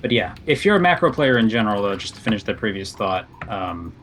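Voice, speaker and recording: A man casting a video game match in a relaxed, rambling, chatty way. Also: fairly low pitch, quick pace, a little hiss or hum. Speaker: esports caster. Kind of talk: casual game commentary.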